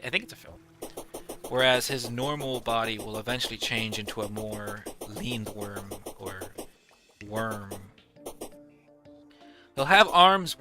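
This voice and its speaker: A young man giving casual gameplay commentary, rambling and ranting animatedly. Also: on the low side. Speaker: gaming video creator.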